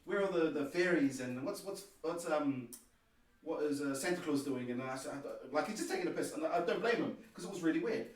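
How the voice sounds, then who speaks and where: Male podcast guest, lively storyteller who voices the dialogue; slightly high voice, recorded at a distance. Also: fairly quick. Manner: animated, acts out quoted dialogue. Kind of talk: personal storytelling. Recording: very echoey room, distant mic.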